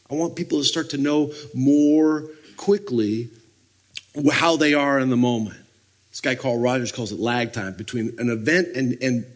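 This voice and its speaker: A man preaching a sermon, telling stories with lively energy and acting out scenes. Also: medium pitch. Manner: animated storytelling, acting out scenes.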